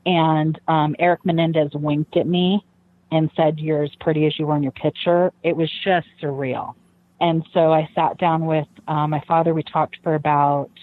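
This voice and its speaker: A woman guest, recounting a personal story in an interview, earnest and reflective, with frequent "you know" fillers. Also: low-pitched. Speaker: guest, daughter of a convicted killer. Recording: tinny phone-like line.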